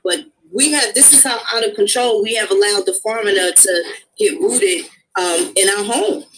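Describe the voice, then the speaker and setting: A woman's voice: medium pitch, moderate pace, fairly bright tone, a little hiss or hum, low-quality recording. A woman hosting a call-in talk show, answering with short affirming agreements.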